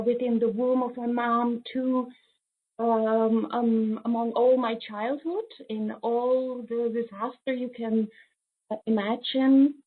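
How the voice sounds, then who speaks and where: Woman, 50s, from Switzerland, caller, tearful, halting, husky, phone-line sound. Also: on the high side. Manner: halting, with many fillers and apologies. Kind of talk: call-in sharing. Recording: phone-line call audio.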